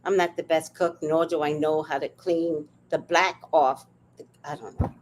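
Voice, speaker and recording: A woman livestreaming tells stories in a chatty, animated, easygoing way during casual conversation. She speaks low and unhurriedly, over a faint hiss or hum.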